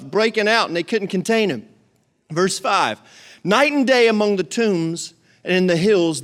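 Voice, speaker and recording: A man delivering a sermon in a noticeably high voice. He reads scripture aloud, then breaks into casual, animated explanation with jokes and asides to his listeners. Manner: jokes and talks to the congregation. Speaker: pastor.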